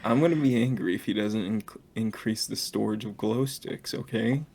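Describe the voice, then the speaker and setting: A man's voice: lowish voice, moderate pace, vocal fry, dark tone, breathy edge. A man in casual chat with a co-host, telling stories and swearing freely.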